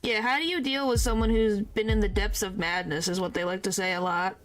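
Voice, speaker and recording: A woman's voice: medium pitch, fairly even intonation, brisk. A woman streaming a horror game, talking casually and reacting with exasperated disbelief. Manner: exasperated, incredulous, says "frickin'" a lot. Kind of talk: casual gameplay commentary.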